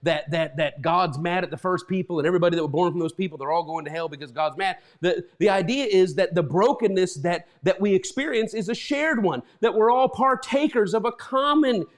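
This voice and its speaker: A man's voice: high voice, brisk, few pauses. A middle-aged man preaching an informal sermon as a pastor, rambling with many repeated words and restarts, getting emotional.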